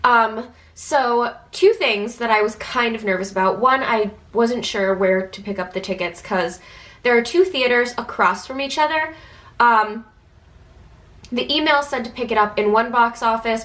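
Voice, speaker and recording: A woman's voice: on the high side, moderate pace, fairly bright tone. Chatty young woman with a stuffy nose. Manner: chatty, anxious, many "like" fillers. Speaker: vlogger. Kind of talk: casual storytime.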